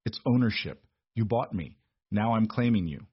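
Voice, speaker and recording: A man's voice: on the low side, lively intonation, normal speed, slightly rough. A man voicing a young woman who is injured and shivering but fierce, in a storybook reading. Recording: dull, dry lo-fi recording.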